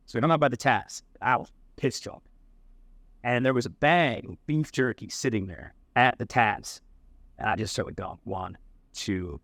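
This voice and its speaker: A man in a cigar bar rattles off a story at a quick clip, slipping into the voices of the people in it. His pitch sits in the middle range. The sound is close and dry. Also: dry recording. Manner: animated, acts out quoted voices. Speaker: podcast co-host. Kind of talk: casual storytelling.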